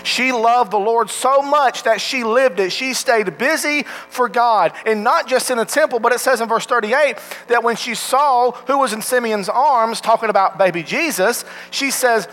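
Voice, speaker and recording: A man's voice: very high voice, lively intonation, moderate pace, hardly any pauses, fairly bright tone, poor audio. A man preaching a sermon in an earnest way, asking his listeners direct questions.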